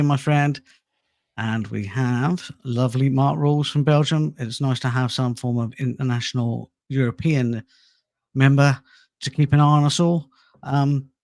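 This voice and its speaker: A man's voice: medium pitch, creaky, no room sound. A middle-aged man hosting a casual live stream, rambling and self-deprecating, often breaking into laughter. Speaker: host and channel producer.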